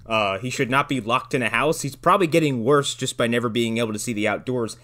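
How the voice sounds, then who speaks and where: A man casually roasting an old movie with friends, sarcastic and profane, with deadpan jokes. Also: mid-range voice, quick pace. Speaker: podcast co-host. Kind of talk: casual movie-riffing chat.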